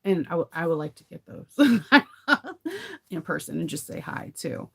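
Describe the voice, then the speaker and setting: A woman's voice: fairly low pitch, wildly swooping pitch, unhurried, creaky, breathy edge. Woman host, casual live-stream chatter, rambling, giggly. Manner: rambling, chatty, laughs often. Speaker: sewing channel host. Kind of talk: casual live chat with viewers.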